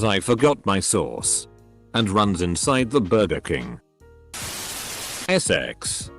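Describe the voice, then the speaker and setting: A man narrating read-out stories in an even, matter-of-fact way. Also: lowish voice. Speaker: narrator reading online posts. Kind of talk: scripted narration.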